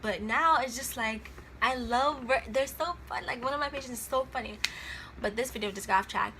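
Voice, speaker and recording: A young woman in her twenties talks to the camera as if to a girlfriend, loose, slangy and rambling. Her voice is bright and a little high. Faint room noise sits behind her. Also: moderate pace. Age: 20s. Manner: chatty, rambling, laughs often, slangy. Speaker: vlogger. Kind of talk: casual chat to camera.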